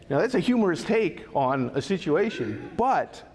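Delivering a conversational Bible study sermon, this pastor frequently poses rhetorical questions to those listening. His voice is on the high side with a darkish tone, recorded with long hall reverb and a little hiss or hum.

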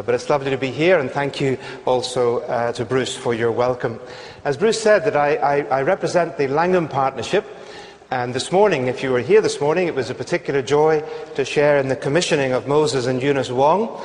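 A man with a Northern Irish accent, a guest preacher giving a sermon in a gracious, measured way with frequent fillers. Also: medium pitch. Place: large church sanctuary. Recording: church sound with long reverb.

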